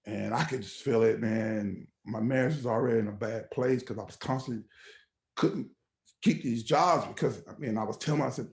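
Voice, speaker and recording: A pastor tells a personal testimony on a podcast, acting out the voices he quotes and swinging from loud to near whisper. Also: mid-range voice, moderate pace, creaky, roomy sound.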